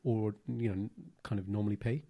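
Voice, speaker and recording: A man, co-hosting a podcast in a chatty, animated storytelling way with lots of fillers. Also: lowish voice, fairly quick, vocal fry. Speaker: podcast co-host. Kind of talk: casual chat.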